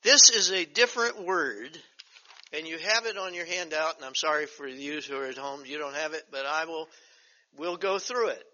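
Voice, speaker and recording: An older man teaching a Bible study as pastor, reading scripture slowly and emphatically, then breaking into chatty asides. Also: on the high side, pushed and bright. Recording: dull lo-fi recording.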